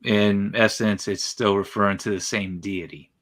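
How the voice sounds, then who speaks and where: A man co-hosting a casual talk show, explaining language points in a halting way with many fillers and restarts. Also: lowish voice, fairly even intonation, fairly bright tone, no room sound. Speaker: co-host. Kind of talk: casual podcast commentary.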